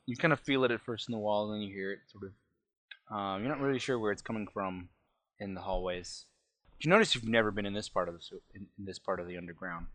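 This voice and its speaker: A man's voice: lowish voice, fast talker, a bit bright, dry recording. A man running a tabletop game as game master, describing scenes hesitantly with many ums and restarts.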